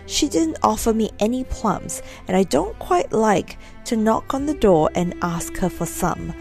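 A woman's voice: on the high side, sing-song, a little slow, creaky, darkish tone, soft background music, full character voice. A woman voicing an eager, meddlesome young man in a storybook reading. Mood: grumbling.

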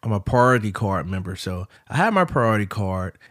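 A man hosting a podcast, telling a travel story in a casual, animated way, swearing freely and acting out what people said. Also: fairly low pitch, a little fast, no room sound, studio quality. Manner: profane, animated, quotes people in his story. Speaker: podcast host.

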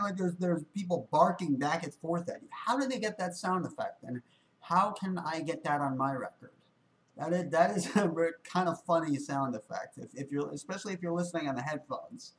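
A man's voice: a little high, a bit bright, a little hiss or hum, rough recording. A man casually reacting to a music video, laid-back and wry, often repeating words as he thinks aloud.

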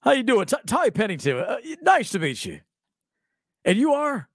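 A man voicing an awkward, chipper upper-crust party guest who stammers through quick small talk. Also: very high-pitched, wildly swooping pitch, no echo, clean studio sound, pitched above the performer's own voice, full character voice. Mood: chipper, flustered.

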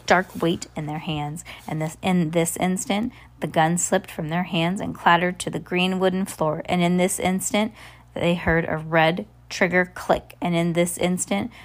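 A woman reading a novel aloud, often stumbling over words and restarting. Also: on the low side. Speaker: audiobook reader.

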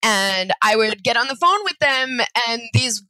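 A woman's voice: fairly high pitch, expressive, a little slow, pushed and bright, clean tone, no room sound, rough recording. A woman, a political organizer, explaining her work earnestly in an interview. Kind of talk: interview conversation.

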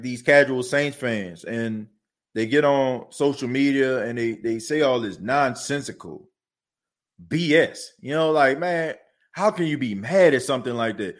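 A man hosting a sports podcast, ranting heatedly and repeating himself. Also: mid-range voice. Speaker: podcast host. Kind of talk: casual sports talk.

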